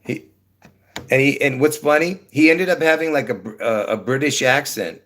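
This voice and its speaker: A man's voice: medium pitch, moderate pace, a bit bright. A man rambling casually to his viewers on a livestream from his apartment, trailing off with many fillers. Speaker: livestream host.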